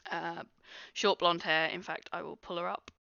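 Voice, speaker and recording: A woman's voice: on the low side, moderate pace, creaky, clean tone, dry recording. Woman game master, muffled and dry. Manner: relaxed, filler-heavy description. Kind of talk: narrating a tabletop game.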